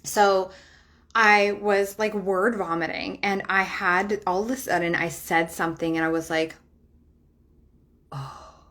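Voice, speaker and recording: A woman's voice: mid-range voice, steady tone, measured pace, a bit bright. A woman in her thirties, a spiritual life coach talking to camera in a chatty, emphatic way, swearing casually and laughing often.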